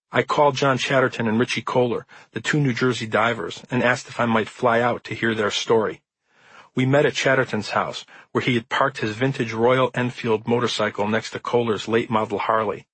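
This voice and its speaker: A man reading the introduction to his own nonfiction book as an audiobook, in measured, earnest storytelling. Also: mid-range voice, fairly bright tone, slightly rough, no room sound, low-quality recording. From Midwestern United States. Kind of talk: audiobook narration.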